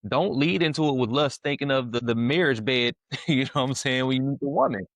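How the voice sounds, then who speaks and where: A man talking casually about faith and dating as a podcast guest, animated and fond of "you know what I'm saying", sometimes acting out his prayers. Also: mid-range voice, brisk, no echo. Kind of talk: casual faith-based conversation.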